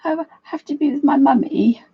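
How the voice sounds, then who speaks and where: A woman's voice: high-pitched, normal speed, narrow, tinny audio, voice pushed up. A woman voicing her timid, clingy pet dog with a silly, whiny voice. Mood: pleading.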